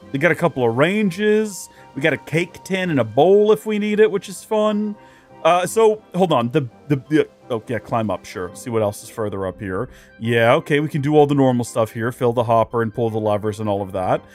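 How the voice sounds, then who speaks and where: A man's voice: mid-range voice, animated, brisk. A man doing casual let's play commentary as a streamer, chatty and rambling with jokes, faint game music behind.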